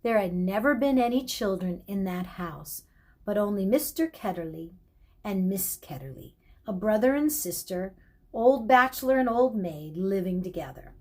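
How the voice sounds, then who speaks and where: A woman reading a children's novel aloud in calm, expressive narration. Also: mid-range voice, normal speed. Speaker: audiobook reader. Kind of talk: storybook narration.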